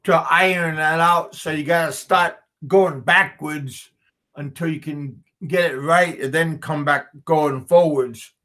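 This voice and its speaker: A man hosting a casual livestream, reading viewer comments aloud and answering them in a halting way, with frequent repeats and restarts. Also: on the high side, fairly even intonation, sharp tone. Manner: slow, chuckling, talks back to chat. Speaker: livestream host.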